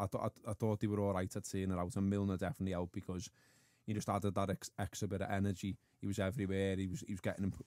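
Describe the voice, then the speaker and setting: A man's voice: deep voice, a little mellow, no echo. A man, a panellist on a football podcast, easygoing and hesitant.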